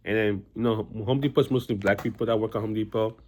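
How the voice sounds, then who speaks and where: A faint hiss or hum sits under a young man's low, darkish, steady voice as he talks fast. He's casually vlogging about things he's been through, with lots of restarts and "you know" fillers.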